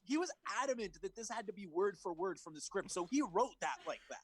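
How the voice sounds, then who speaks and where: Animated man on a podcast call. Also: high voice, a little fast, hardly any pauses, breathy edge, no echo. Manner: animated, swearing, laughs, mimics lines. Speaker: podcast co-host. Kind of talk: casual movie review chat. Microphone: remote call recording.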